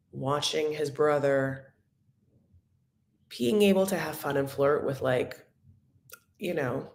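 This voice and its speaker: A woman hosting a live reality TV recap, chatting in a campy, gossipy way, full of "like" and "honey". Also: low voice. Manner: chatty and campy, calls viewers honey and my loves; rambling, full of likes and restarts.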